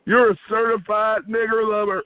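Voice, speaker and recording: A man's voice: high-pitched, level tone, moderate pace. A man caller ranting with hostility on a group phone line, repeating chanted taunts over and over. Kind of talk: aggressive prank-call ranting.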